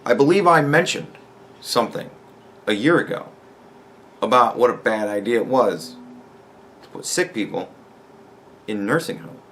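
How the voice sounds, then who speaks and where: A man hosting his own podcast, launching into a long, exasperated rant full of swearing and biting sarcasm. His voice sits at an ordinary middle pitch, with a faint hiss of background noise under it. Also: lively intonation, normal speed, long pauses, fairly bright tone. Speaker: podcast host. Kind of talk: ranting commentary.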